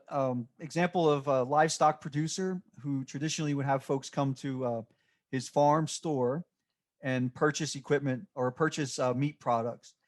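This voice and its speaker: A man giving a recorded slide presentation, speaking off the cuff and halting often with fillers and restarts. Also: fairly high pitch. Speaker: extension presenter.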